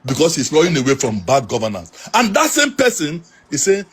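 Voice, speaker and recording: A middle-aged Nigerian man with a husky voice, telling earnest stories and pleading with his listeners. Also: a little high, sing-song, brisk, few pauses. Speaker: interviewee. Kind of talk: emotional storytelling.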